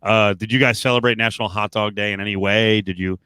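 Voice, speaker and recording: A man co-hosting a casual podcast, his voice smooth and resonant. He keeps things moving with brief questions and prompts, recorded dry and close with no room sound. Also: lowish voice, fairly even intonation, fast, pushed and bright, no room sound. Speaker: podcast co-host.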